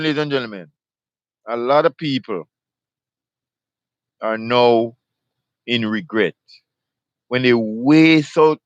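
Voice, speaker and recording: A man's voice: medium pitch, slow pace, long pauses, no room sound. A man preaches to his live video audience. He talks emphatically, repeats himself and keeps firing off rhetorical questions. The sound is dull and lo-fi, with a dry, close feel. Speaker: host of a live video ministry. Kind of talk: preaching monologue.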